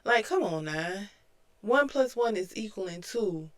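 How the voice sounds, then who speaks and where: A woman's voice: mid-range voice, expressive, unhurried. A woman commentary host reacting to a clip, reasoning it out step by step in disbelief.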